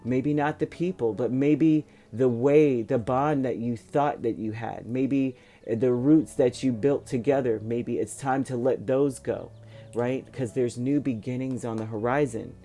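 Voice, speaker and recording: A man with a mellow, dark-toned voice talks through a tarot reading in a loose, rambling way, reassuring his listeners and stopping to restart his sentences. Soft music plays faintly behind him. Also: medium pitch, unhurried. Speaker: tarot reader. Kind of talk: casual spoken tarot reading.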